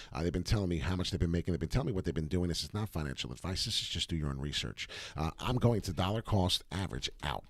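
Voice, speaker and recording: A man's voice: deep voice, dry recording, clean studio sound. A man hosting a live crypto market stream, brash and hype-driven, swearing casually as he talks. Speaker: crypto livestream host.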